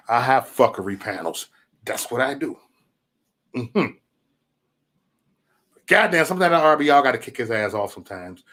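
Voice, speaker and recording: A man hosting his own livestream rants casually in a loose, profane, rambling style, telling stories with lots of animation. His medium-pitched voice is sing-song and fairly bright, moving at a moderate pace with frequent pauses.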